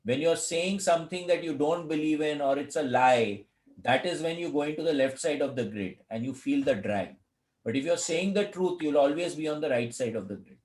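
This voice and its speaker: A man's voice: on the high side, lively intonation, normal speed, darkish tone. A man leading a study group, explaining insistently and repeating his points over a video call. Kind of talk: teaching commentary. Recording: roomy video call audio.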